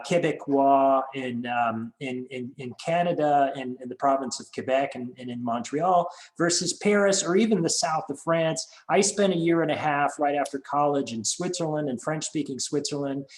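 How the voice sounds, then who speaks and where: A man's voice: a little high, poor audio. Man on a video call, professor type, lots of ums and restarts. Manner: hesitant, many fillers and restarts. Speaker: French professor. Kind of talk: webinar talk.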